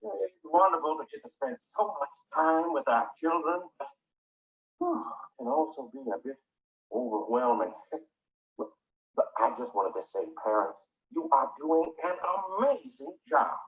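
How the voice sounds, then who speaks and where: A man voicing a calm, caring puppet father in a children's TV clip, speaking soothingly and encouraging parents to breathe. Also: fairly high pitch, unhurried, exaggerated voice. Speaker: puppet character in a played clip. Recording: roomy, dull video played over a call.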